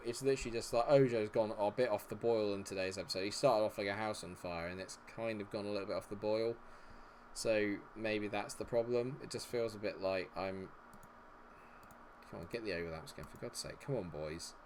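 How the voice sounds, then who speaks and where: A man's voice: on the low side, steady tone, fairly quick, a little mellow, a little hiss or hum. Frustrated man swearing at a game. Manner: frustrated, swearing, sarcastic outbursts. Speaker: gaming streamer. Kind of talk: live game commentary.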